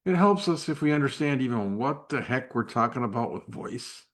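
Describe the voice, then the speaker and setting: A man's voice: mid-range voice, animated, normal speed. A man hosting a live faith-based talk, speaking in an unpolished way with many restarts and fillers, sometimes dropping to a whisper. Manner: drops to a whisper at times. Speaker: host.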